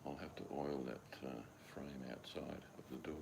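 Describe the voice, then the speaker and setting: A man's voice: rumbling low, level tone, moderate pace, vocal fry, background noise. An older man with an Australian accent chatting casually at home, rambling and acting out his dogs in quoted voices. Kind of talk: casual chat.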